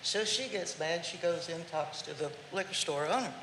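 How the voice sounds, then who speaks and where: A woman's voice: fairly low pitch, moderate pace, a bit bright, slight background noise. A woman telling a folksy, playful story during public comment at a city council meeting, in an echoey chamber. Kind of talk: storytelling at a podium.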